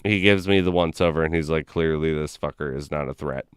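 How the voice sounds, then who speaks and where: A man with a very deep voice, smooth and clean, tells a long story in casual chat. He rambles, keeps saying "like," and slips in and out of the people he quotes. The sound is close and dry, with no room around it. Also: fairly quick, no room sound. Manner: rambling anecdote full of "like", acting out quoted people. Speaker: gaming stream host.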